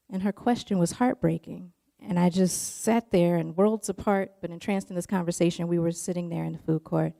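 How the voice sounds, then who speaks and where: A woman's voice: on the low side, steady tone, moderate pace, vocal fry, dark tone. A woman telling a personal story in an earnest, emotional way, in long flowing runs.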